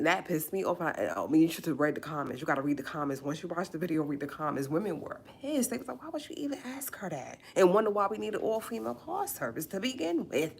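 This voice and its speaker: A woman with a low voice speaks in on her live stream. She rants with emphasis and goes back over the same phrases again and again. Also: vocal fry, darkish tone, slightly rough. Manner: indignant, emphatic, repeats phrases. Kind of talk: impassioned live-stream rant.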